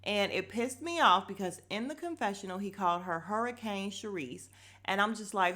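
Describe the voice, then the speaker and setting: A woman's voice: mid-range voice, moderate pace, sharp tone. A woman hosting a podcast, recapping a reality show in a blunt, opinionated way, swearing freely and getting heated when something annoys her. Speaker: podcast host.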